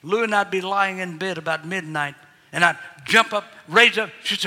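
A man's voice: high-pitched, a little fast, pushed and bright. An older man preaching a sermon, mixing folksy personal stories with fervent exhortation in a large auditorium. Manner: folksy Southern storytelling, rising to fervent exhortation. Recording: long hall reverb.

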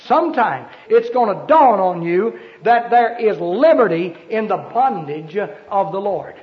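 A man preaching a sermon, emphatic and fervent, breaking into sudden shouts. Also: extremely high pitch. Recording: dull lo-fi sermon recording.

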